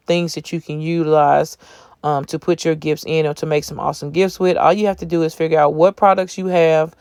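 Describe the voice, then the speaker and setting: A man with a fairly high, smooth voice talks through a craft tutorial, sleepy and yawning as he goes. His delivery is chatty and folksy, and he keeps calling the viewers y'all. The phone voiceover sounds dry and close. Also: no room sound. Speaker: craft channel host.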